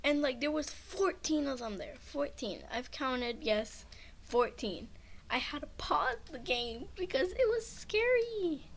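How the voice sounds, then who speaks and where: A woman's voice: high voice, expressive, takes it slowly, gravelly, a little hiss or hum. A shaken, nervous woman gives rambling, frightened commentary on her own gameplay and keeps repeating herself. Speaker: gamer, channel host.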